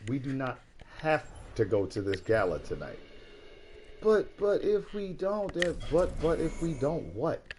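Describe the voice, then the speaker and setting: A man streaming, chatting casually about a movie in an animated, profane way, going from quiet to loud and laughing often. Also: fairly high pitch, a little slow, noisy background. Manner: laughs often while talking. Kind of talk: casual chat.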